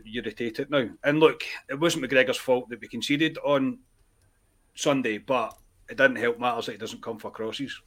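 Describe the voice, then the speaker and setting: A man hosting a casual football podcast, posing questions to his co-hosts. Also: mid-range voice. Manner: questioning, moderating. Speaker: podcast host.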